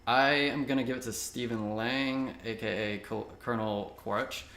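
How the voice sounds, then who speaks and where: A young man co-hosting a casual movie review chat, rambling and relaxed, laughing easily. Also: medium pitch, moderate pace. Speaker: co-host. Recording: echoey room.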